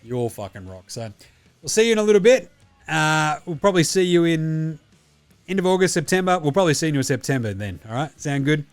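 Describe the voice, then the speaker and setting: A man's voice: on the high side, sing-song, fairly quick, smooth, no room sound, faint music behind. A man with an Australian accent, hosting a sports podcast and signing off in a casual, matey chat with a fair bit of swearing. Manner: swearing, laid-back and matey. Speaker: podcast host.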